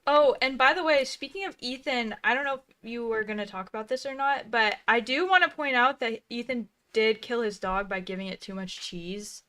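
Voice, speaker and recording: A young woman with a fairly high, bright voice chats on a commentary stream. Her tone is smooth and clear, and she is talkative, laughs easily, and loses her thread now and then. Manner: chatty, quick to laugh, trails off. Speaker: co-host. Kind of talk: casual commentary chat.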